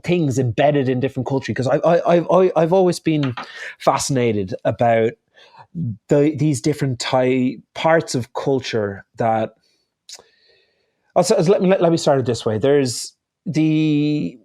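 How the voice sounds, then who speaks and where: A man's voice: medium pitch, unhurried, dark tone, dry recording, clean studio sound. A man speaking as a chef guest in a casual interview, hesitant and often restarting his phrases.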